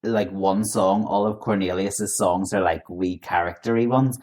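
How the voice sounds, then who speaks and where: A man co-hosting a podcast, chatting casually with quick, joking banter. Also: deep voice, steady tone, darkish tone. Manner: playful, bursts into snatches of song. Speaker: podcast co-host. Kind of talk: casual chat.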